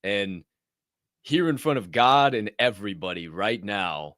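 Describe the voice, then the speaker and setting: A man hosting a reaction podcast in an energetic, hyped-up way. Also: lowish voice, a little slow, no echo, clean studio sound. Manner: energetic and hype. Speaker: podcast host. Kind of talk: reaction commentary.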